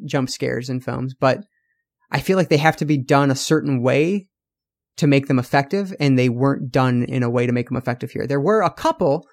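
A man's voice: mid-range voice, fairly quick. A man co-hosting a film podcast, chatting casually and swearing freely as he tells stories. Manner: swears freely, animated storytelling. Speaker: podcast co-host. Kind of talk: casual chat.

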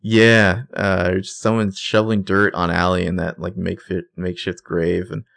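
A man with a very low, gravelly voice chats casually as a podcast co-host. He rambles enthusiastically, leaning on fillers as he recaps. The sound is dry and close. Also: level tone, normal speed, a bit bright, no echo. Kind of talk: casual chat.

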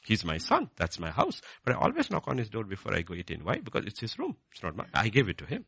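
A middle-aged man preaching a sermon, moving from quiet low scripture reading to loud, high-pitched exhortation. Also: wildly swooping pitch, fast talker, creaky, breathy edge, dry recording.

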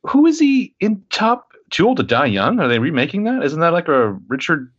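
Wry, animated podcast co-host. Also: medium pitch, moderate pace, no echo, muffled recording. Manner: wry, jokey, animated storytelling. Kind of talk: casual chat.

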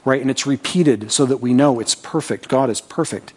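A man's voice: medium pitch, normal speed, husky. A man preaching a sermon as pastor, talking conversationally, reading scripture aloud with his own asides and checking in with "right?".

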